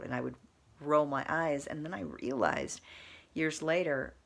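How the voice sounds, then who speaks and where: A woman vlogger telling a personal story in a casual, earnest, meandering way, repeating soft emphatic phrases. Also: sits low, very animated, normal speed, gravelly.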